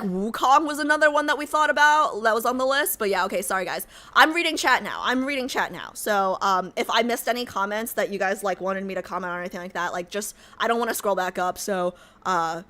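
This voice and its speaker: A woman streamer chatting casually with her live chat, rambling, with lots of "like" and sudden loud rants. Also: medium pitch. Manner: rambling, heavy use of "like", flares into loud rants.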